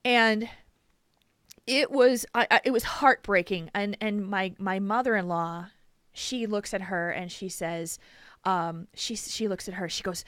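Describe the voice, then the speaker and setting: Bright, emphatic woman podcast host. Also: mid-range voice, unhurried, no echo. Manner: animated, emphatic, laughs often. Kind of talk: casual chat, storytelling.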